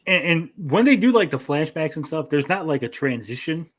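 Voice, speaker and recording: A man hosting a casual podcast chat, swearing freely and retelling scenes with quick quoted voices. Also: fairly high pitch, lively intonation. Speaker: podcast host.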